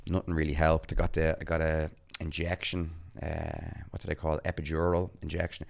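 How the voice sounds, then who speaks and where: Very deep-voiced man telling a story. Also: monotone, fairly quick, vocal fry. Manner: chatty storyteller who laughs often. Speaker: podcast co-host. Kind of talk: casual podcast chat.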